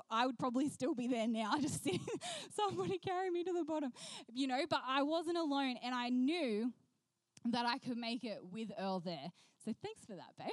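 In a sermon, a woman tells a personal story with animation, acting out the voices of the people she quotes. Her voice sits on the high side, and there's no room sound.

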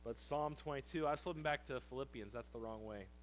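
A man pastor preaching a sermon in a church, reading scripture slowly and loudly between casual asides. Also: medium pitch, a little hiss or hum, poor audio.

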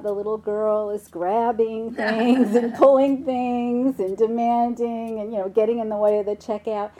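A woman meditation teacher giving a gentle, unhurried dharma talk, with soft laughs and fillers. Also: fairly high pitch, level tone.

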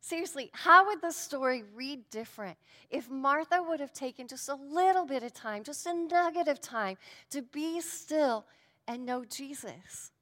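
A woman giving a sermon and a prayer, earnest and shifting between emphatic lines and hushed ones. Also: high-pitched, lively intonation, a little slow, in a large hall. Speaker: speaker at a devotional.

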